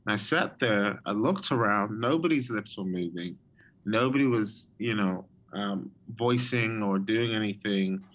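A man's voice: on the low side, a little slow, fairly bright tone, rough recording. A man who is a guest and a prophet, telling his personal testimony with frequent ums and restarts.

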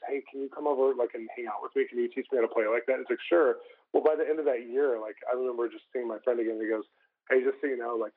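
A young man, a pastor and guest, telling a story in an interview in a lively way and acting out the people in it. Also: mid-range voice. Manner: animated, acts out the voices of people in his stories. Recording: tinny phone-like line.

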